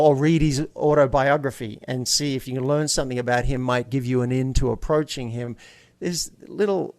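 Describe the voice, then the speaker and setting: A man's voice: mid-range voice, a little mellow, no room sound. A man talks in an upbeat, storytelling way as a guest on a podcast. His voice sits mid-range, and the recording is dry and close, with no room sound. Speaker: guest, coach. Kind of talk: casual interview talk.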